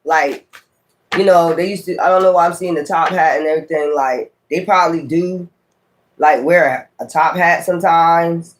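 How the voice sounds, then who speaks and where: A man's voice: fairly high pitch, normal speed. A man, giving a casual tarot reading, musing aloud with sudden exclamatory asides. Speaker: tarot reader.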